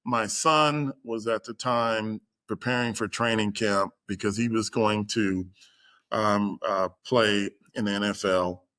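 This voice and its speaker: A middle-aged man with a fairly low voice recounts a personal story as a podcast guest. He talks casually with many ums and uhs and animates the lines of the people he quotes. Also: slow. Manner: animated retelling, acts out quoted voices, frequent fillers. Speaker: guest executive.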